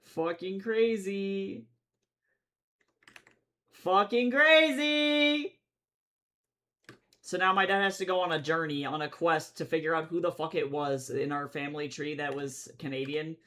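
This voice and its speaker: Chatty, rambling man, slightly high voice. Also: fairly quick, hardly any pauses. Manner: rambling, profane, chatty with swings between loud excitement and mumbling. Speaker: streamer drawing comics. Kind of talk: casual livestream chat while drawing.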